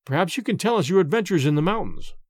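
A man voicing a gentle young woman who speaks softly and coaxingly. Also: high-pitched, expressive, quick pace, slightly rough, no room sound, studio quality. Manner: soft and coaxing. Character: gentle young woman, soft-spoken daughter.

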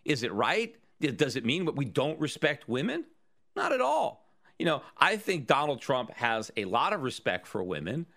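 A man's voice: medium pitch, huge pitch swings, moderate pace, vocal fry, fairly bright tone. A man hosting his own podcast, delivering an argumentative opinion monologue full of rhetorical questions. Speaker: podcast host.

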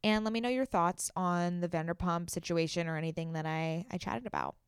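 A woman's voice: fairly low pitch, steady tone, a little fast, clear, resonant tone, no echo, studio quality. A young woman hosting a podcast in a casual solo chat, chatty and giggly, tripping over her words now and then. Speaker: podcast host.

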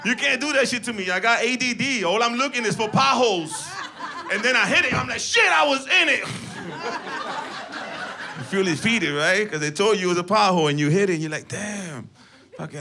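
A man doing a profane, animated stand-up routine on a club stage, acting out scenes with sudden yelps and shouts. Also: sits high, moderate pace, pauses often, a crowd in the background. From Latino, in Los Angeles. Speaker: stand-up comedian. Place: comedy club stage with audience. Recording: noisy live club recording with laughter.

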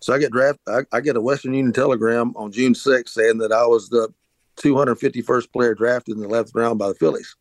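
A man's voice: mid-range voice, fairly even intonation, fairly quick, no echo. A middle-aged man hosting a podcast, telling a long story casually, with frequent restarts and filler words. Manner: rambling, many restarts and "uh"s. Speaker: podcast host, former pitcher.

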